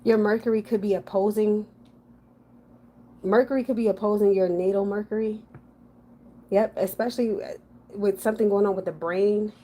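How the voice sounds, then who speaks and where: A woman's voice: mid-range voice, steady tone, moderate pace, long pauses, dark tone. A woman giving a casual general tarot reading, talking frankly and thinking aloud to her viewers. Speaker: tarot reader.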